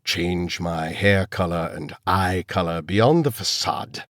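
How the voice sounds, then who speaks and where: A chilling old villain doctor, calm and unhurried, with a low, even menace, as an audiobook narrator puts him on. The voice sits deep and the recording is dry and close. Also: male voice, no room sound. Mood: menacing. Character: cold elderly male villain scientist.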